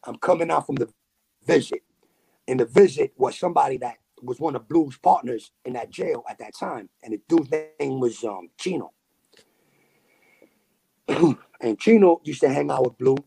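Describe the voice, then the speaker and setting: A man from New City, telling a story as a podcast guest in animated street slang with sound effects. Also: mid-range voice, normal speed, gravelly, pauses often, husky. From New York City. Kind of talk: casual storytelling.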